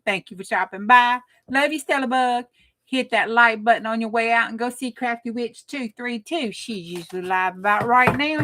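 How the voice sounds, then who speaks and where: A middle-aged woman with a twang chats through a late-night crafting live stream, folksy and a little bawdy, laughing often as she greets her viewers one by one. Her voice sits a bit high and rings very bright and forward. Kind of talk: casual live-stream chat.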